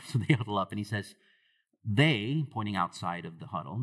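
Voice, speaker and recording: Husky-voiced pastor preaching conversationally. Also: male voice, lowish voice, moderate pace. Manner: conversational preaching with rising emphatic peaks. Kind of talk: sermon.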